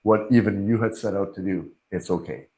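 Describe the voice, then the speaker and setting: A middle-aged Canadian man with a low, brisk, mellow voice appears as a guest in a conversational podcast interview recorded in an echoey room. He speaks earnestly and candidly, often voicing his own inner thoughts as quotations.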